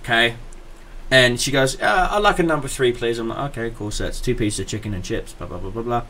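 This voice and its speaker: A man's voice: mid-range voice, a little fast, bright, forceful tone, slight background noise. A young man, hosting a podcast and telling a crude story in a loose, laughing way. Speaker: podcast host. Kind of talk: casual storytelling.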